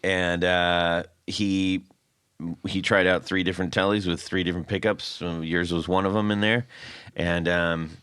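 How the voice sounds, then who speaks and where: Male podcast host, very low voice, dry sound, chatty and rambling. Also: little pitch movement, a little slow, a bit bright, clear, resonant tone, dry recording. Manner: chatty, rambling with restarts and laughs. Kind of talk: casual chat.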